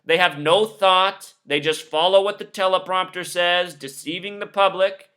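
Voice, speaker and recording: A man's voice: high-pitched, steady tone, moderate pace, pushed and bright. A man giving a scornful, emphatic commentary monologue, listing numbers one after another. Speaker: video commentator. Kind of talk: monologue over news clips.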